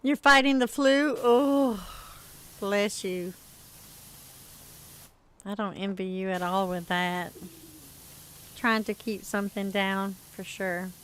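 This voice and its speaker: A woman's voice: mid-range voice, takes it slowly, long pauses, a bit bright, slight background noise. A middle-aged woman, chatting casually with viewers on a gaming livestream and laughing often as she tells a story.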